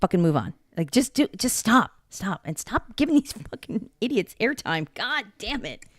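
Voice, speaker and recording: A woman's voice: mid-range voice, big pitch swings, normal speed, dry recording, studio quality. A woman co-hosting a podcast in casual chat, laughing often and swearing in exasperation. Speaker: podcast co-host.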